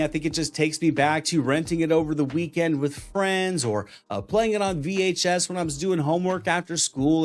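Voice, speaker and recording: A middle-aged man hosting and narrating in a relaxed, reflective, affectionate scripted style. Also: fairly high pitch. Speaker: host.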